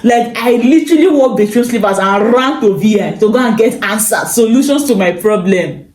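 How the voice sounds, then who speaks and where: A young Nigerian woman with a Nigerian accent, telling a personal story in a casual, animated vlog full of exclamations and repeats. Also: fairly high pitch, normal speed, echoey room. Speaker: vlogger. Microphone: phone.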